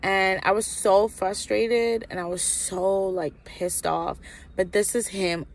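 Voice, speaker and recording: A woman's voice: medium pitch, fairly even intonation, slow, creaky. A young woman telling a frustrated, swear-laced storytime in a casual vlog, full of "like" and fillers. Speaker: vlogger.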